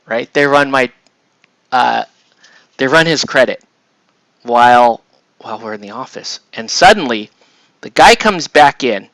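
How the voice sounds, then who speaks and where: A man's voice: medium pitch, fairly bright tone, no echo. A man casually telling a long personal story while painting, rambling with many restarts and tag questions. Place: home hobby room.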